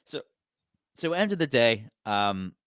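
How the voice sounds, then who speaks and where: A man's voice: mid-range voice, sing-song, slow pace, a bit bright, smooth, no echo. A man hosting his own wrestling podcast, talking casually and animatedly, laughing often and leaning on "you know" and "right?". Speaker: podcast host, channel owner.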